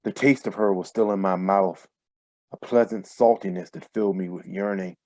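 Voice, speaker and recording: Male author, low voice, steady storytelling, dry sound from a home video call. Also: moderate pace, no echo. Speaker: author reading his fiction. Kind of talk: live reading of a first-person story. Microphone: computer mic on a video call.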